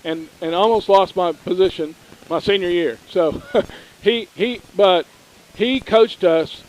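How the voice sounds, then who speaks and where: A middle-aged man co-hosting a local sports broadcast, telling folksy, animated stories. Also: high-pitched, slow pace, poor audio. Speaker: radio sports co-host. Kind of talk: casual storytelling.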